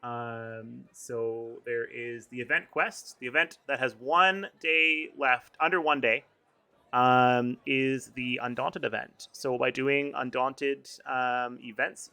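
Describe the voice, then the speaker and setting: A man with a bright tone and a gravelly rasp under it talks casually through game store offers and event news. He wanders, fills gaps with ums and fixes his own slips mid-sentence. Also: medium pitch, slow. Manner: rambling, lots of ums and self-corrections. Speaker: podcast co-host.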